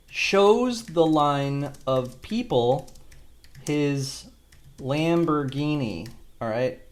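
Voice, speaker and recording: Slow, rambling man swearing casually. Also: mid-range voice. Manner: loose, rambling, swears casually, thinks aloud. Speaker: video creator demonstrating an AI video tool. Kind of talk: casual screen-recorded tutorial.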